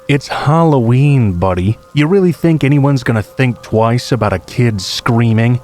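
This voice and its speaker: A mocking teenage intruder, as a male narrator puts him on in a spoken horror story. He sneers with cold cruelty, his mellow tone set against soft rain and faint music. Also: mid-range voice, lively intonation, moderate pace, close to an everyday voice. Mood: taunting. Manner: taunting.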